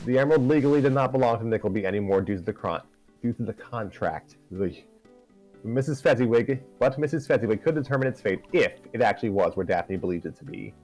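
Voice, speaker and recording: A man with a lowish voice reads a story aloud for a live group, easygoing and conversational. He stumbles and corrects himself as he goes. Soft music plays behind him. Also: animated, fast, poor audio. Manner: conversational narration with self-corrections. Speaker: story reader and host.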